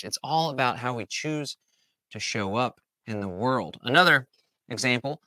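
A man hosting a motivational talk, animated and acting out imagined people's lines. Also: mid-range voice, normal speed, no room sound. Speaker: host.

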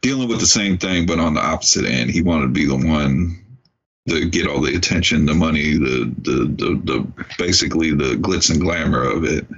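A man co-hosting a podcast, making measured, reflective comments in casual movie chat. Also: extremely low pitch, slightly rough, dull audio. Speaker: podcast co-host.

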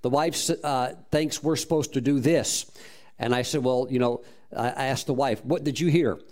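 A man's voice: medium pitch, steady tone, normal speed, a little mellow. A man preaching a sermon as a pastor, telling a story with fervent praise and frequent restarts. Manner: repeats words while restarting phrases.

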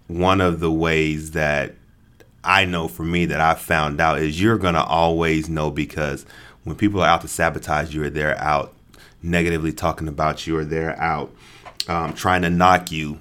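A man co-hosting a casual podcast chat, laid-back and quick to laugh, affirming his partner often. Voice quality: very deep, relaxed voice. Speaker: podcast co-host.

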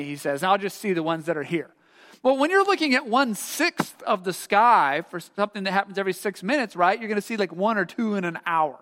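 A middle-aged man preaching a sermon, an animated storyteller who acts out the voices in his story. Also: sits high, a little fast, in a large hall. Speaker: pastor. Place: church sanctuary.

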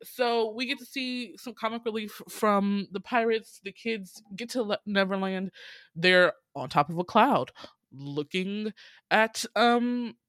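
A woman's voice: medium pitch, takes it slowly, a bit bright, no echo, studio quality. A young adult woman hosting a podcast, retelling a film in casual chat, sarcastic and laughing, jumping up into voices for quotes. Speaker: podcast host reviewing a film.

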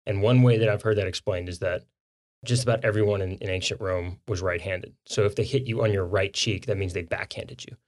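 Low-voiced man explaining plainly. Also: fairly even intonation, a little fast. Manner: explains plainly, affirming with frequent "yeah". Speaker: podcast co-host. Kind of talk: casual faith discussion.

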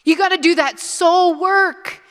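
Woman, pastor, sermon, high voice, call-and-response preaching, reverberant church hall. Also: unhurried.

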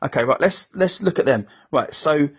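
A man with a husky voice tells a story during casual podcast chat, his pitch rising and falling as he keeps saying right. The audio is dull and lo-fi. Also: normal speed. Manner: storytelling, lively, says right a lot. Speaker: podcast co-host.

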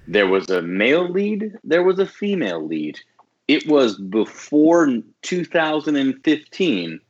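A man's voice: fairly high pitch, very animated, unhurried, slightly rough, highs cut off. A man joining a casual movie podcast, easygoing and wry in his opinions. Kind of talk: casual movie-review chat.

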